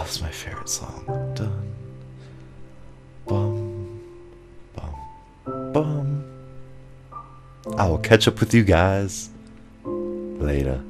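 A young man hosting his gaming channel, rambling through an excitable story in casual commentary. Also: low-pitched. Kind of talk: casual commentary over gameplay.

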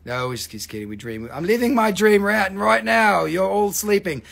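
A man hosting a live stream that sells crystals, talking in an excitable, joking, profane and rambling sales patter. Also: high-pitched, moderate pace, gravelly.

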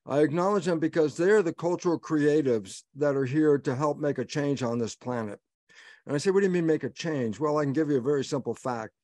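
A man's voice: fairly high pitch, a little fast, darkish tone, no echo. A man giving an emphatic webinar talk, lecturing and answering his own rhetorical questions. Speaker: guest speaker.

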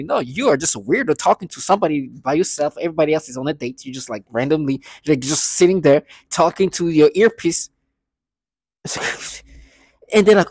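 A man's voice: fairly high pitch, lively intonation, brisk, slightly rough, no room sound, studio quality. A man ranting in a vlog monologue, agitated and scornful, repeating himself often. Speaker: vlogger.

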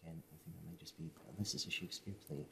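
Low-voiced young man, tentative. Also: steady tone, rapid-fire, gravelly, a bit bright, husky. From Scotland. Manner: tentative, thinking aloud. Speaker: quiz team captain. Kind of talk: quiz contestant conferring.

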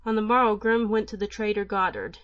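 A woman narrating an old folk tale for an audiobook in a measured, even manner. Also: mid-range voice, dry recording, highs cut off.

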